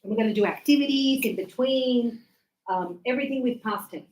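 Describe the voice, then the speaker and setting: A woman teaching English pronunciation to a class, animated, acting out examples and checking often that everyone understands. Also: fairly high pitch, a little fast, low-quality recording.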